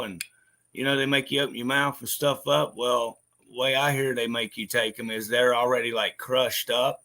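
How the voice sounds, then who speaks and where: A man's voice: medium pitch, steady tone, moderate pace, fairly bright tone. A man vlogging in casual chat, rambling, swearing freely and laughing often. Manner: profane, laughs a lot, rambling.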